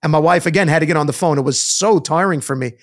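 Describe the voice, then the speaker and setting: A man co-hosting a podcast, telling a story in a casual, animated way and often repeating words. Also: a little high, fast. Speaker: podcast co-host. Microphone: studio mic.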